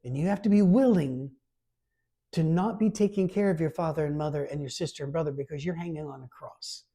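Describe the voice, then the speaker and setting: A male pastor giving a sermon in an easy, conversational way. His voice is warm and a little husky, and he leans into scripture readings with extra emphasis. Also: fairly high pitch, fairly quick. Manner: informal and lively, reads scripture aloud with emphasis.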